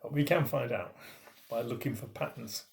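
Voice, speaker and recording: A middle-aged man, a bishop, giving a recorded teaching talk on communication, stressing key words with pauses and swings in loudness. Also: medium pitch, creaky, a little hiss or hum.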